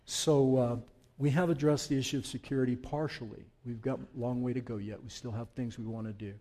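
Speaking with a warm, medium-pitched voice and fairly even intonation, a pastor moves briskly through an unscripted sermon in a church sanctuary. He addresses his congregation from the heart, conversational at first and rising to fervent emphasis.

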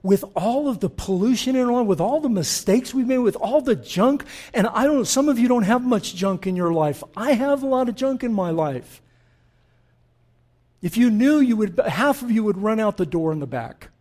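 High-voiced pastor guy preaching in church, gets all fired up then goes real quiet, talks right at the crowd. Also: animated, normal speed. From Middle East. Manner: impassioned, shifts from hushed to loud; direct, talks straight to the congregation. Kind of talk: sermon.

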